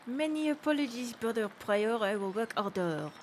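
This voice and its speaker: A woman's voice: a little high, lively intonation, normal speed, slight background noise, close to an everyday voice. A woman putting on a meek old monk with a French accent. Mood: apologetic. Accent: put-on French. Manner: meek, apologetic. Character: older male monk scribe, humble and apologetic.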